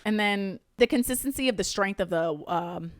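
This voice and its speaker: A woman's voice: medium pitch, moderate pace, no echo. A young woman co-hosting a podcast, chatting casually about a film, rambling and often questioning herself as she acts out her own reactions. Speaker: podcast co-host. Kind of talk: casual movie review chat.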